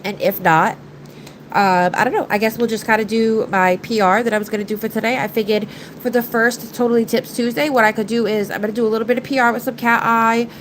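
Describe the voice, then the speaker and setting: A woman's voice: fairly high pitch, fairly even intonation, fast, a little hiss or hum, poor audio. A woman hosting a nail art live stream, talking in a chatty, rambling way through a stuffed-up, nasal voice. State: congested, nasal. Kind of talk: casual live-stream chat.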